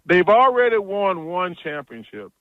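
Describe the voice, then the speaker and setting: Guy calling into a radio show, high-ish voice, blunt and jokey, muffled lo-fi line. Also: sing-song, measured pace, no echo. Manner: blunt, jokey storytelling with frequent restarts. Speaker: guest analyst. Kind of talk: casual phone-in radio chat.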